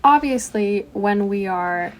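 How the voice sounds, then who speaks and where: A woman's voice: mid-range voice, expressive, takes it slowly, poor audio. A woman co-hosting a casual podcast, wry and teasing, laughing often as she talks. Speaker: podcast co-host. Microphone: headset.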